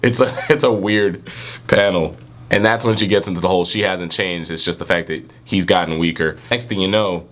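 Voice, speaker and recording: Raspy low-voiced man reviewing manga. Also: a bit bright. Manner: rambling, many restarts. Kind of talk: casual review vlog.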